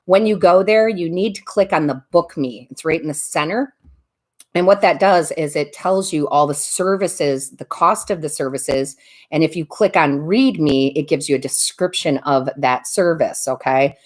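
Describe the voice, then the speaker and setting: A woman's voice: sits low, normal speed. A middle-aged woman chatting casually on a live stream, greeting viewers by name and laughing often. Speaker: tarot reader and medium hosting a live stream.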